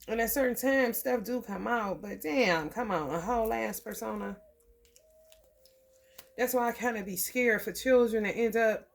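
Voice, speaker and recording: A woman giving a casual, slangy spoken tarot reading. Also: a little high. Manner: loose, slangy, conversational. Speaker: tarot reader.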